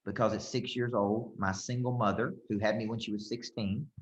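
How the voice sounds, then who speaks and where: A man's voice: lowish voice, steady tone, a little fast. A man coaching a group, speaking emphatically and checking in often with "okay?" and "right?". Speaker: business coach. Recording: roomy, slightly dull sound.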